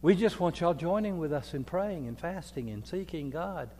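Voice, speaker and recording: An older man, preaching a folksy sermon as priest, moving from quiet reflection to loud storytelling. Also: a little high, animated, moderate pace. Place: church. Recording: long reverb of a church hall.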